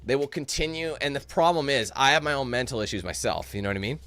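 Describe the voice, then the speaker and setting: A man's voice: mid-range voice, expressive, fast talker, bright, forceful tone. Tired, candid streamer guy. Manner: candid, rambling, swears a lot. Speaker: YouTube streamer. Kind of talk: casual stream chat to viewers.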